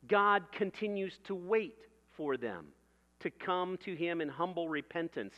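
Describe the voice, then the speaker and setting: A man's voice: a little high, fairly bright tone, in a large hall, dull audio. A man preaching a sermon in a conversational way, building vivid everyday illustrations and laughing at his own jokes.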